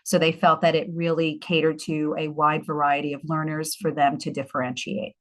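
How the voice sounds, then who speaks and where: A woman's voice: deep voice, little pitch movement, moderate pace. A woman explaining her team's view during an online meeting.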